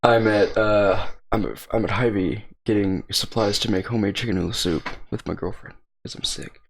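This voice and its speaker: A young man co-hosting a podcast, telling a story in a casual, profane and animated way. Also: fairly low pitch, normal speed, vocal fry, slight background noise. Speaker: podcast co-host.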